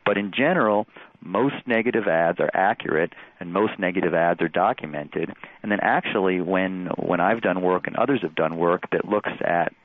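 A man calling in as a political analyst, talking in halting phrases that often repeat the same word. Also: deep voice. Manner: halting, repeats words, dry humor. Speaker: political analyst guest on phone. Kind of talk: expert commentary. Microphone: telephone. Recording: tinny phone line.

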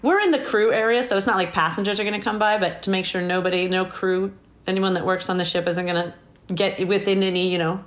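A woman guest in a casual interview tells a story as a fast talker with a mid-range voice. She's animated, laughs often, and acts out what people said.

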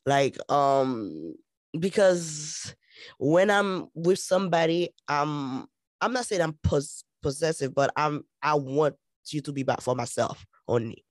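Haitian-born woman co-host, blunt and giggly, halting delivery, dry close sound. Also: sits low, lively intonation, no room sound. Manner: frank, laughs often, halting restarts. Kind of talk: casual chat.

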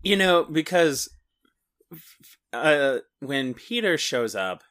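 Man, bright crisp timbre, laid-back film chat, hesitant, casual swearing. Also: on the high side, sing-song, slow. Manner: easygoing, hesitant with fillers, swears, laughs at himself.

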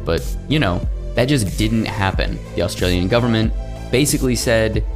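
A man's voice: moderate pace, soft background music. A man hosting a history podcast, reading a script with sarcastic asides and swearing. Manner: sarcastic, swears, jumps to high mocking voices. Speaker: podcast host. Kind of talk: scripted history narration with casual banter.

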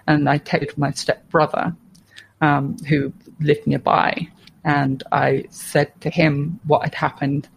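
A woman speaks candidly as a podcast guest, her voice gravelly and her delivery notably even. She tells her story in a frank, steady way. A faint background hum sits under her voice. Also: low-pitched, takes it slowly, poor audio. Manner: frank and steady, with plain swearing and restarts.

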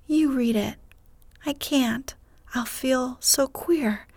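A woman's voice: high voice, takes it slowly, darkish tone, no room sound, pitched above the performer's own voice, full character voice. A woman voicing a shy, overwhelmed young girl in a whispered role-play, with a faint trembling whisper.

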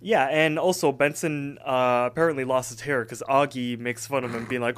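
A man co-hosts a casual podcast and recaps a cartoon episode scene by scene. His voice is smooth and resonant and sits at a middle pitch. He rambles loosely and fills gaps with "like" and "um". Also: steady tone, moderate pace, fairly bright tone. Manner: rambling, filler-heavy retelling. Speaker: podcast co-host.

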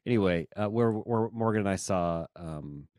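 A man's voice: sits low, normal speed, darkish tone, no room sound. A man in casual chat, rambling and searching for words, with a dry sense of humor.

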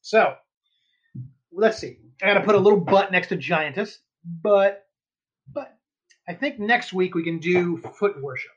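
A man's voice: sits high, lively intonation, unhurried, pauses often, a bit bright. A man co-hosting a podcast in casual chat, joking and rambling loosely with lots of fillers and swearing. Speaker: podcast co-host. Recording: dull lo-fi podcast audio.

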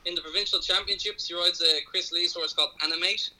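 A man's voice: high voice, fairly even intonation, fast talker, sharp tone, low-quality recording. A man with an Irish accent, calling into a radio show to run through his racing tips in a hesitant, methodical way. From Ireland. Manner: hesitant, with many ums, talks through form methodically. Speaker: caller giving racing tips.

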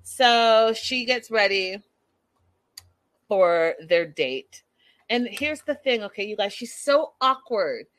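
A woman's voice: mid-range voice, expressive, slow pace, fairly bright tone, no room sound. A young woman recapping a reality show in a chatty, incredulous way, talking straight to her viewers. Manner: chatty, incredulous, addresses viewers as "you guys". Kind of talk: casual recap commentary.

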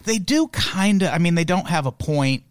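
A man's voice: high voice, animated, normal speed, dry recording. Podcast host, male, dry sarcastic delivery, swears freely, close dry mic. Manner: sarcastic, profane, laughs mid-sentence. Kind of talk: casual comedic news chat.

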